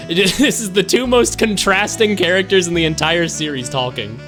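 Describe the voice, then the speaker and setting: A man's voice: high-pitched, moderate pace, few pauses. A man streaming a game, reading it aloud and joking with crude asides. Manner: joking, swearing, laughing. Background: game music.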